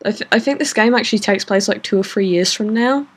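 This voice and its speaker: A woman's voice: medium pitch, quick pace, few pauses. A woman hosting a let's play, chatting casually with fillers while reading the game aloud. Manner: chatty, laughs easily, hesitant fillers. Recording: game music under voice.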